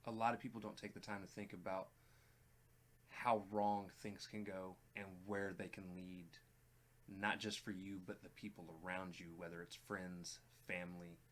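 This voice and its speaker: A man with a somewhat low voice co-hosts a relaxed reaction chat. He talks earnestly and plainly, turning to the viewers to speak to them directly. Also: normal speed. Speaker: reaction channel co-host. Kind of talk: casual chat.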